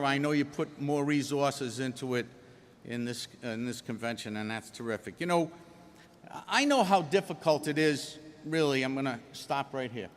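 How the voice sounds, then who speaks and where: Emphatic, folksy union speaker, man with a Rhode Island accent, slightly high voice, recorded in a reverberant hall. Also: fairly bright tone. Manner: folksy, emphatic, jokes with the audience. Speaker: union leader addressing a convention. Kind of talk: convention speech.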